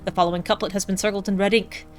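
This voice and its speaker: A woman's voice: mid-range voice, flat delivery, rapid-fire, soft background music. A woman streaming a video game, reading its text aloud with wry, chatty asides.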